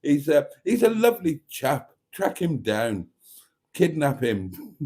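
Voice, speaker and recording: A man's voice: medium pitch, big pitch swings, measured pace, a little mellow. A man hosting a live stream, chatting casually as he reads out viewer comments in a camp, teasing way with frequent laughs.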